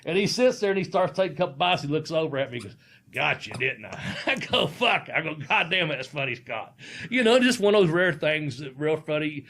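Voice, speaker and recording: A man's voice: fairly high pitch, expressive, fast, fairly bright tone. Laughing, foul-mouthed storyteller man. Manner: profane, laughs through his stories. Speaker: podcast host, former wrestler. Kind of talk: casual storytelling.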